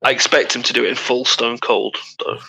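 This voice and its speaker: A man's voice: mid-range voice, steady tone, brisk, gravelly, bright, forceful tone, a little hiss or hum, low-quality recording. A man co-hosting a podcast, throwing in crude, heckling wisecracks during casual banter. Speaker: podcast co-host.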